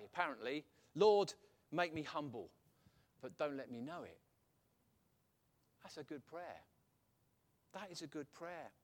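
A man preaching a sermon in a chatty, animated way, laughing at his own points. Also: high voice.

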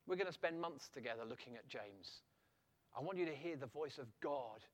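A middle-aged man preaching a sermon in an animated way, throwing rhetorical questions back at his listeners. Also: mid-range voice, normal speed.

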